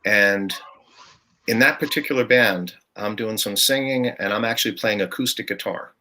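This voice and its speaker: An older man with a low, deep voice that still rings bright and forceful. He chats easily as a guest on a podcast, telling stories about gigs and laughing often along the way. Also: normal speed. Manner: chatty, storytelling, laughs often. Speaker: guest musician. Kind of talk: casual podcast chat.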